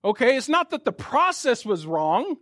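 A pastor preaching in a high-pitched voice, talking through scripture like a chat with his congregation. He builds to fervent, emphatic exhortation. The recording is dry and close, with no room sound. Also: big pitch swings, normal speed, fairly bright tone, dry recording. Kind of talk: sermon.

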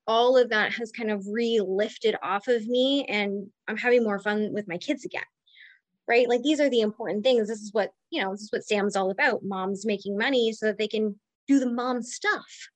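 A woman's voice: a little high, dry recording. A woman business owner and mom sharing an effusive, heartfelt testimonial in casual chat. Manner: effusive, chatty, emotional. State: close to tears. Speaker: mastermind member and business owner.

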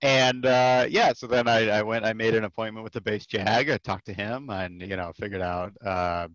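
A man's voice: lowish voice, moderate pace, no echo, lo-fi sound. A man in his thirties, a podcast guest, telling a casual story with lots of filler words and frequent laughs. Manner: animated, laughs often, many filler words. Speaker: podcast guest, comic creator.

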